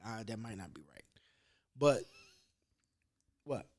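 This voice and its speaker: A man's voice: on the low side, animated, takes it slowly. A man hosting a podcast, telling rambling, profane stories in casual chat. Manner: rambling storyteller, loose and profane. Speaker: podcast host.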